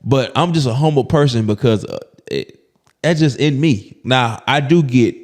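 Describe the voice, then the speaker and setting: A comedian from Birmingham, Alabama, with an Alabama accent, is a guest in a casual interview. He's an animated storyteller who acts out other people's voices as he tells his tales. His voice is mid-range and his speed normal.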